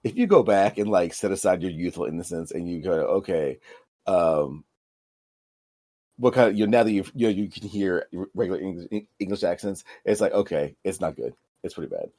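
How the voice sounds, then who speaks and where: Low, mellow-voiced man rambling on a podcast. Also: expressive. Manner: rambling, halting restarts, laughs often. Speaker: podcast co-host. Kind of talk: casual chat.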